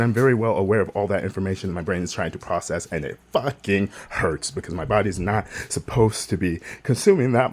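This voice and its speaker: A man's voice: lowish voice, husky. A young man talking through hard personal memories in a rambling, emotional monologue that is full of swearing. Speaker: vlogger.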